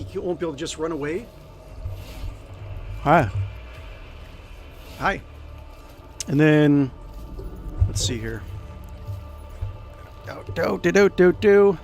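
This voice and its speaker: A man with a slightly high voice gives unhurried let's play commentary. He is playful and chatty, thinking aloud as he goes. Soft game music sits faintly underneath. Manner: playful, chatty, thinks aloud, makes little sound effects. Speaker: gameplay commentator.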